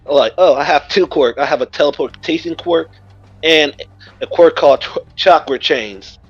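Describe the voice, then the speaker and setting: A man's voice: a little high, moderate pace, slightly rough, faint music behind. A man voicing a brash, cocky teen boy ninja hero in a casual, boastful storytelling voice, on a muffled recording.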